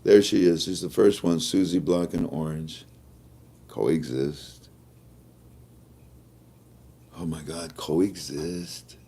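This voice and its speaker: A man hosting a casual live-stream talk show, animated, often chuckling and drawing out words for emphasis. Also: deep voice, slow, pauses often, husky. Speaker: host.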